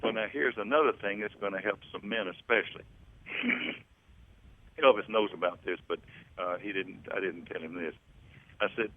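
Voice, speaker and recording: A man's voice: lowish voice, normal speed, long pauses, dry recording, phone-quality sound. An older man in an interview, telling stories and coaching vocal sounds. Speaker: interviewee, backup singer. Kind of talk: storytelling interview chat.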